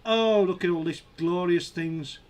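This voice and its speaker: A man hosting a live stream, excitedly counting up backer totals and cheering milestones. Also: high voice, a little slow. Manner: excitable, counting numbers aloud, shouting at milestones.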